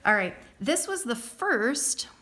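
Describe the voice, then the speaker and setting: A woman's voice: on the high side, sing-song, slow, bright, forceful tone. A woman teaching a recorded science lesson in a casual, chatty way, often checking in with the listener.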